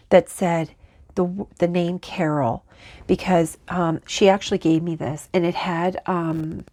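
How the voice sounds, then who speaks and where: A woman with a slightly low voice talks through a spiritual channeling session. Her delivery is halting and rambling, full of restarts. She keeps breaking off to answer unseen spirits. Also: darkish tone. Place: lives in Canada.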